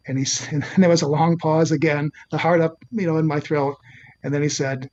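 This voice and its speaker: An older man, a physician telling a personal story in an interview, earnest and halting, often restarting his sentences. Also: on the high side, fairly even intonation, a little mellow, lo-fi sound. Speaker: physician and author.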